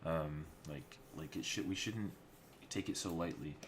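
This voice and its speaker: A man voicing a cautious older sister, speaking in rough placeholder lines. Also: very deep voice, unhurried, a little hiss or hum. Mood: earnest. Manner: sketchy placeholder dialogue with fillers.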